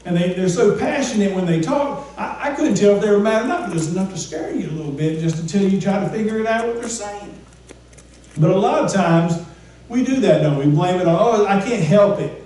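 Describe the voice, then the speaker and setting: A man's voice: sits high, lively intonation, fairly quick, dark tone. A man preaching a casual, conversational sermon, often asking the congregation questions and stumbling over repeated words. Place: church sanctuary. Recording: echoey church room from far off, faint noise.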